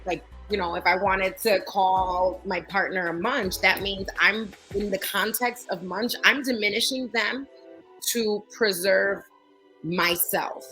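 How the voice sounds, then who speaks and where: A woman's voice: medium pitch, fairly even intonation, unhurried, bright, forceful tone, soft background music, poor audio. A woman from New York co-hosting a podcast, chatting loosely with plenty of fillers. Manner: loose and conversational, many fillers. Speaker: podcast co-host. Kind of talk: casual chat.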